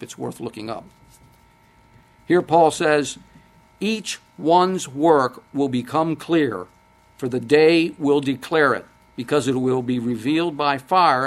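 A man's voice: medium pitch, creaky. An older man preaching a sermon, speaking conversationally, quoting scripture and putting questions to the congregation.

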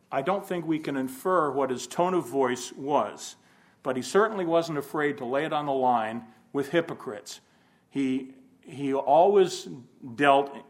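Folksy man teaching a Bible class. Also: mid-range voice. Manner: conversational, thinking aloud with rhetorical questions. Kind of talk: informal Bible lesson.

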